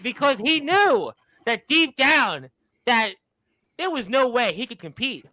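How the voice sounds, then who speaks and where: A man's voice: very high voice, very animated, unhurried, bright, forceful tone, dry recording, poor audio. A man hosting a wrestling talk show, rambling in a folksy way and often repeating his words. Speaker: radio show host.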